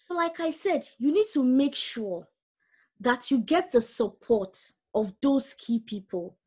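A woman's voice: sits high, lively intonation, unhurried, darkish tone, breathy edge. A woman preaching a sermon, reading scripture aloud and urging her listeners directly.

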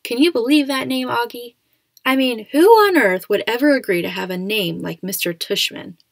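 A woman reading aloud, voicing a playful father who teases and jokes excitedly. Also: fairly high pitch, moderate pace, vocal fry, dry recording, voice pushed up. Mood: teasing. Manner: excitable, teasing.

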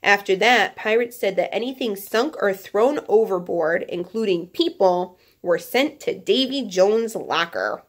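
A woman's voice: medium pitch, lively intonation, measured pace, few pauses. A woman teacher reading a children's nonfiction book aloud to her class, breaking off for chatty, playful asides.

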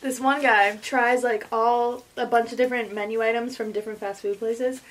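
A woman's voice: fairly high pitch, steady tone, normal speed, slight background noise. A young woman, a guest friend, chatting casually and giggling while she eats. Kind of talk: casual chat while eating.

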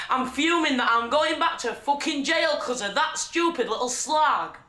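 A woman's voice: sits high, expressive, measured pace, hardly any pauses, fairly bright tone. A young woman filming her own video diary, blunt, sweary and agitated, talking into a handheld camera she holds herself. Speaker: documentary subject. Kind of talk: self-filmed video diary. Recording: echoey handheld camera sound.

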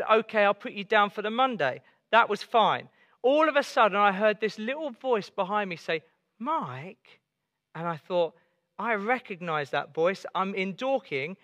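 Guy preaching, high bright voice, dry close sound, cracks jokes then gets serious. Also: dry recording. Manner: storytelling, jokey, shifting to earnest. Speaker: pastor. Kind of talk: sermon with humorous stories. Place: church.

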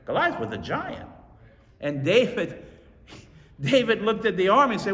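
A male pastor preaching a sermon, telling stories with animated energy and repeating lines for emphasis. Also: high voice, unhurried, pauses often. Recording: echoey hall from far off.

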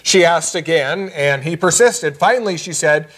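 A man preaching as pastor in a church, earnest and measured, slowing down on key phrases. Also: on the high side, fairly bright tone. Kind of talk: sermon. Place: church sanctuary.

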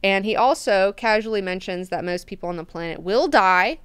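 Casual book recap, woman host, smooth clear voice, dry close mic, chatty. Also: mid-range voice, lively intonation, moderate pace, fairly bright tone, no room sound. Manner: chatty, lots of fillers, swears freely.

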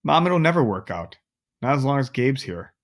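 A man's voice: mid-range voice, big pitch swings, moderate pace, voice pushed up. A man voicing a determined teenage boy who speaks urgently and insistently.

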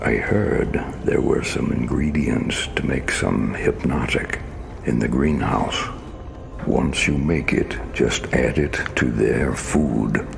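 An actor voicing a trapped merman from Atlantis who pleads slowly and urgently for help, in a video game. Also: faint music behind, exaggerated voice. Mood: pleading. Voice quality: deep gravelly.

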